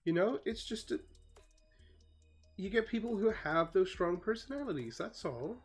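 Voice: medium pitch, lively intonation, moderate pace, soft background music, voice pushed up, close to an everyday voice. A game master voicing a chatty, reassuring suburban mother of a teenage girl in a tabletop role-play. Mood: soothing.

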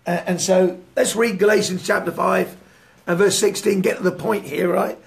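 Male preacher, high and gravelly, fervent and often laughing. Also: steady tone, moderate pace. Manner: fervent, swinging between loud declarations and hushed prayer; laughs often while telling a story. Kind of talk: sermon with prayer and testimony.

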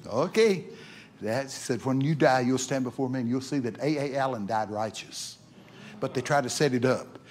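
A man preaching in a church, telling stories in a folksy, repetitive way that climbs into excited exclamations. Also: mid-range voice, normal speed, slight background noise. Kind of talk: sermon with storytelling.

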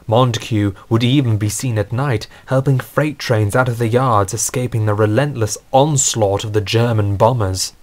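A man narrating a scripted storybook in a steady, earnest way. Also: mid-range voice, moderate pace, hardly any pauses, faint music behind.

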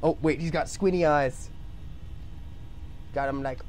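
A young man live-streaming while he draws, joking about his work and breaking into excited shouts. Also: fairly high pitch, measured pace, long pauses. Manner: excitable, bursts into shouts and laughs; joking self-commentary. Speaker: livestreamer. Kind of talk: live-streamed drawing chat.

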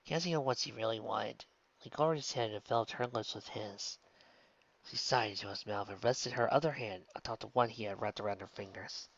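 A man reading a fan fiction story aloud in steady, soft-spoken narration. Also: fairly low pitch, fairly quick, creaky, lo-fi sound. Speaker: story reader.

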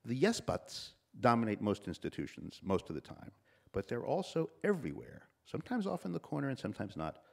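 A man's voice: mid-range voice, huge pitch swings, fast, vocal fry. A man in his sixties with a slightly nasal voice gives a commencement address, telling stories and acting out the voices of people he quotes. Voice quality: a little nasal. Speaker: commencement speaker.

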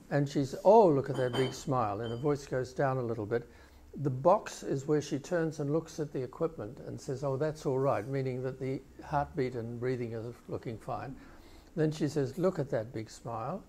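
A man's voice: mid-range voice, warm tone. An older man giving a conference keynote lecture, explaining video clips step by step. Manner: explanatory, walks listeners through clips step by step. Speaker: keynote speaker.

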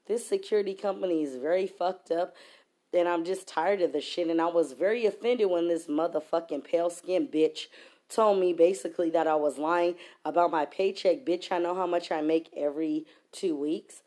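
A woman's voice: fairly low pitch, normal speed, dark tone. A woman venting in an angry, profanity-laced rant to camera, heated and emphatic. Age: adult. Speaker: vlogger.

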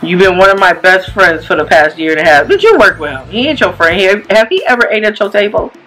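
A woman hosting a casual reaction video, loud and animated, laughing and cursing as she comments. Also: lowish voice, fast, soft background music, rough recording.

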